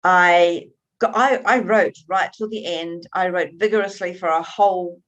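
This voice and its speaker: A woman author being interviewed, telling her stories in an animated, expressive way and often restarting her sentences. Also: lowish voice, measured pace, dull audio. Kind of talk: conversational interview.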